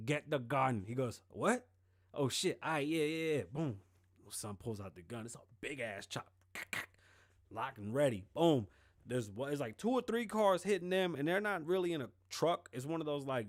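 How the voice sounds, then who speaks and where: A man hosting a podcast, talking casually and swearing freely as he tells stories in an animated way. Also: medium pitch, no echo, clean studio sound. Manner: profane, animated storytelling. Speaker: podcast host.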